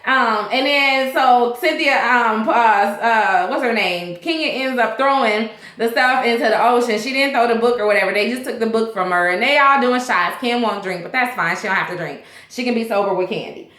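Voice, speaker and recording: Chatty bright-voiced woman vlogger. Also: fairly high pitch, normal speed, few pauses, roomy sound. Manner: chatty, rambling, many fillers. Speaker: TV show reviewer, vlog host. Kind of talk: casual recap vlog.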